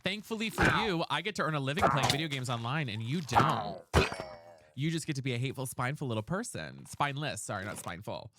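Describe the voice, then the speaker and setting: A man's voice: mid-range voice, sing-song, quick pace, very noisy. A man streaming a video game live, chatting casually and sassily while reading out his chat. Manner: sassy, chatty, reads chat aloud.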